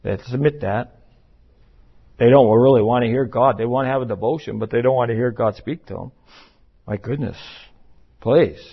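In a muffled, lo-fi recording, a preacher with a husky, mid-range voice delivers his sermon at a normal speed, pausing often. His manner is emphatic and conversational, and now and then he performs the voices of those he quotes.

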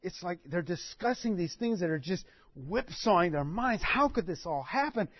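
A man's voice: sits high, animated, normal speed, slightly rough, no echo. A man preaching a sermon, telling the story with animation and acting out what people said. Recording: dull dry recording.

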